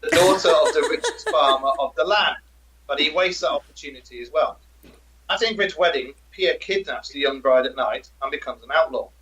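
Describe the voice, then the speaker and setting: A male podcast co-host with a bright, fairly high voice. He talks in a loose, chatty way, retelling old legends between laughs. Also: a little fast, rough recording. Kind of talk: casual chat about folklore.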